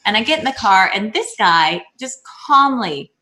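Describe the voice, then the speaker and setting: A woman, appearing as a guest on a video call, chats casually and tells lively stories, acting out what people said. Her voice sits in the mid range and moves at a moderate pace.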